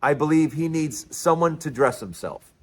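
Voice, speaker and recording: Animated man ranting on his vlog. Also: fairly high pitch, moderate pace. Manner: animated, repetitive, emphatic restarts. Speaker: vlog host. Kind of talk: political commentary vlog.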